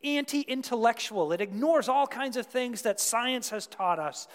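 A preacher voicing a condescending modern skeptic who dismisses old beliefs emphatically. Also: male voice, extremely high pitch, expressive, a little slow, pitched above the performer's own voice. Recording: long reverb of a large hall.

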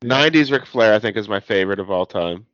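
A man's voice: fairly low pitch, animated, quick pace, a bit bright, dry recording, muffled recording. A man co-hosting a podcast who chimes in with short remarks during casual chat. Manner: short interjections.

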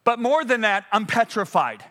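A man's voice: high-pitched, sing-song, normal speed, pushed and bright. A man preaching a sermon, telling a story with dramatic voiced quotes and sudden bursts of energy. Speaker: guest preacher. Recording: played from a church stream.

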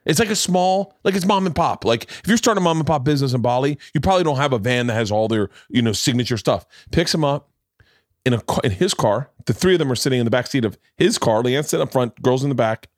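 A middle-aged man hosting a podcast, telling a story in a loud, profane, animated way and acting out the voices in it. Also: mid-range voice, fast talker, no echo, clean studio sound. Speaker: podcast host. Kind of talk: casual storytelling chat.

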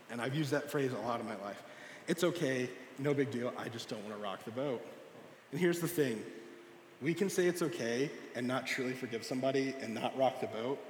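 A man's voice: medium pitch, a little hiss or hum. A young man giving a sermon to a church group, telling a personal story and acting out the dialogue. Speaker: youth speaker. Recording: echoey hall with long reverb.

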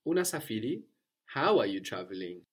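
A man's voice: lowish voice, sing-song, fairly quick, breathy edge. A man guiding a language lesson, prompting a learner and repeating her answers in a patient, encouraging way. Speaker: language teacher.

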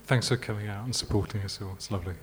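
A man from Yorkshire, an author reading his novel aloud at a live literary event in a measured, unhurried way. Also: on the low side, steady tone, noisy background. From Yorkshire, England.

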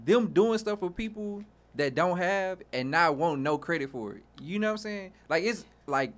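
A man on a casual podcast who explains his views softly, leaning on fillers like "you know what I'm saying". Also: high-pitched, lively intonation, moderate pace. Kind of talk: casual group chat.

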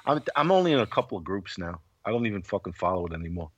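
A man's voice: low voice, sing-song, racing, fairly bright tone, slightly rough, dry recording, dull audio. A man co-hosting a talk radio podcast, blunt and offhand with swearing. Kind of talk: casual talk radio chat.

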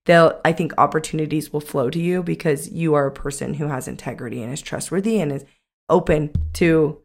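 A woman's voice: sits low, brisk. A young adult woman co-hosting a casual podcast chat as a coach, talking in a chatty way with many "like" fillers.

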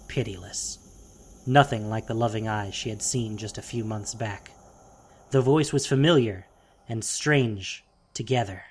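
A narrator reading a fantasy audiobook in a steady, dramatic storytelling manner. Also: medium pitch, a little hiss or hum.

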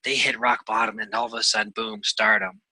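A man, a guest on a radio show, talking in an earnest, rambling way with many pauses and fillers. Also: fairly low pitch, flat delivery, bright, forceful tone, slightly rough, no room sound, low-quality recording. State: getting emotional. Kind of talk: casual interview chat.

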